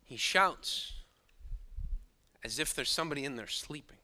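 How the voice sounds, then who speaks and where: Bright-voiced preacher swinging loud to hushed. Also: male voice, on the high side, animated, measured pace. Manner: dramatic, shifting between hushed asides and loud bursts; chuckles at his own points. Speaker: pastor. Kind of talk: sermon.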